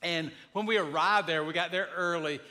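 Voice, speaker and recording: A man's voice: a little high, normal speed, bright, forceful tone. A man in his fifties preaching a sermon, telling folksy, joking stories as the pastor.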